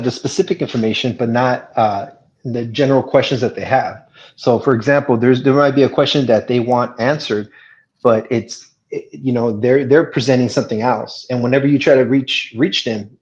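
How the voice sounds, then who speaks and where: Earnest halting man on dull audio. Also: medium pitch, a little mellow. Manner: earnest, halting, many fillers and restarts. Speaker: guest. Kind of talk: live chat Q&A. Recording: dull lo-fi sound.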